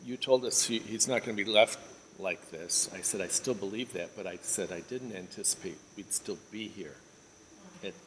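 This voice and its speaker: A man's voice: fairly low pitch, moderate pace. Man, church leader, earnest testimony, long reverb, faint hiss. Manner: steady, earnest, drops quiet on emotional lines. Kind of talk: testimony interview.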